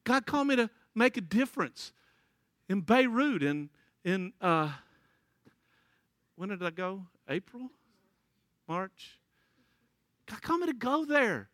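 A man preaches in a high, bright voice. He tells stories in a folksy way and laughs often. The sound is close and dry, with no room echo. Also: very animated, slow pace, long pauses. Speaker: pastor. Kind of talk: sermon.

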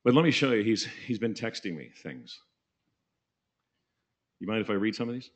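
Low-voiced male preacher, laid-back and jokey, tells stories and does voices. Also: animated, moderate pace, breathy edge. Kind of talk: sermon storytelling.

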